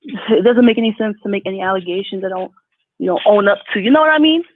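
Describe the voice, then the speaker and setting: A woman's voice: medium pitch, lively intonation, fast. A woman calling in to a radio show, speaking hesitantly with fillers. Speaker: caller. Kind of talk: phone-in comment. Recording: tinny phone line.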